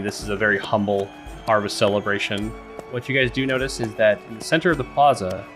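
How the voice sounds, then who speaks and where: A man runs a tabletop game, describing scenes in a loose, rambling way full of fillers. His voice sits low. Faint music plays in the background. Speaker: game master.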